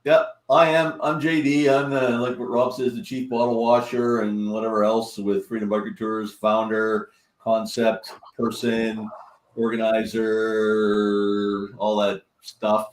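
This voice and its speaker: A man from Canada speaks over a video call, excitable and halting. He sits back from the mic in a roomy space, and his voice has an ordinary pitch. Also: recorded from a distance. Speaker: tour company founder. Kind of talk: casual video call chat.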